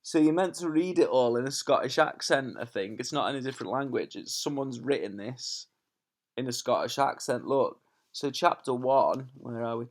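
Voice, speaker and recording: A man's voice: mid-range voice, measured pace. A man, a teacher chatting to his pupils and then reading a storybook aloud from his sofa at home, chatty and often laughing at himself. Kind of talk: casual chat then storybook read-aloud. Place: home living room, on a sofa. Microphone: camera in front of him.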